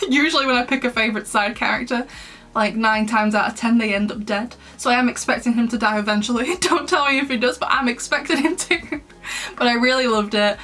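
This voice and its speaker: A woman's voice: on the high side, bright, forceful tone. Chatty young woman. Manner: chatty, giggly, rambling with fillers. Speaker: book reviewer. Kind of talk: casual book review.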